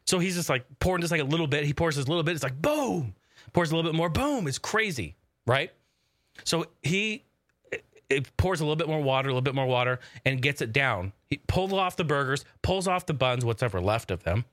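Profane, animated man telling a story. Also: a little high, brisk, no room sound. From family from Oregon. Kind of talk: casual storytelling. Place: home in the desert.

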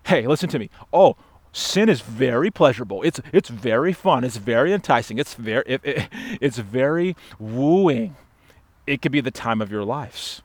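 A man pastor preaching a sermon with impassioned, emphatic repetition, swinging between loud urging and hushed asides to his congregation. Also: medium pitch, expressive, moderate pace, dry recording. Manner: repetitive, emphatic phrasing addressing the congregation directly.

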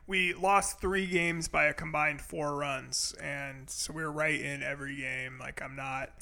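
A middle-aged man with a very bright, sharp tone and a gravelly edge of vocal fry. He chats about sports in an easygoing, agreeable way. His voice sits a little higher than most men's. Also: fairly even intonation, a little slow. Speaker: podcast co-host. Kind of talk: casual sports chat.

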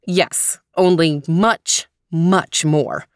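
A woman voicing an upbeat, persuasive father in a storybook, in a fairly low, close voice. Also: fairly even intonation, extremely slow, no room sound, heavily acted. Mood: enthusiastic. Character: cheerful scheming dad full of big ideas.

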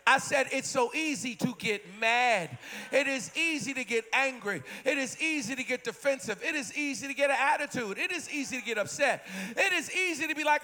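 A preacher in his fifties with a very high, bright and sharp voice, delivering a sermon in church. He preaches with passion and hammers home his points through repeated refrains. His pitch swings widely as he climbs to shouted peaks. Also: expressive, moderate pace. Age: 50s. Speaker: pastor.

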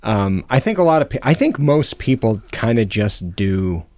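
A man's voice: mid-range voice, sing-song, moderate pace, a little mellow, no echo. A man in casual podcast chat who restarts his sentences often and asks a lot of questions.

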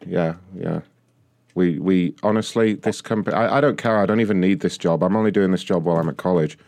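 A man's voice: deep voice, fast talker, gravelly, a little mellow, dry recording. A man posing as a rude customer service agent in a prank call, aggressive and insulting. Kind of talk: prank phone call comedy.

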